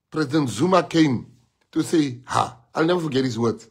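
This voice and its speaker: A man's voice: on the high side, animated, moderate pace, husky. A South African man giving an emphatic, repetitive speech to party members, retelling past events with quoted dialogue. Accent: South African English. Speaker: party leader addressing members. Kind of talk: rally speech.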